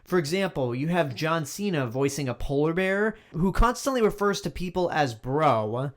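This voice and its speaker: Male movie reviewer, voice on the higher side, blunt and exasperated, emphatic delivery. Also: animated, normal speed. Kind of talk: opinionated film review monologue.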